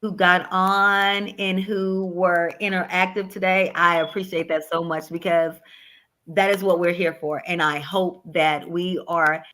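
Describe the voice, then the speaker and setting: A woman's voice: lowish voice, little pitch movement, pushed and bright. A woman presenting on caregiving during a livestream over a call, earnest and repeating herself as she goes. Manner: slow, earnest, repeats words. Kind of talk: encouraging talk on a livestream.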